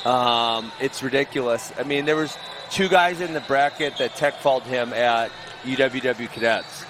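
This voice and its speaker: A male wrestling coach talks casually, voice sitting at a middling pitch. He tells stories in an animated way, slipping into quick back-and-forth exchanges. The recording carries steady background noise. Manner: animated storyteller who acts out exchanges with his wrestlers. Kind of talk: casual podcast conversation.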